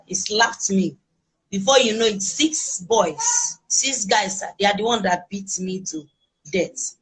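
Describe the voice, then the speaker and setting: A woman with a Nigerian accent giving personal testimony as an interviewee, talking in a halting, emotional way with many restarts. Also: mid-range voice, husky, rough recording. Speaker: interviewee recounting a kidnapping.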